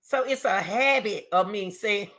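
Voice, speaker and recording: A middle-aged woman talking straight to her viewers in casual commentary, reading scripture between emphatic, repeated remarks in a loud, teacherly way. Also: medium pitch, measured pace, slight background noise. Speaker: YouTuber.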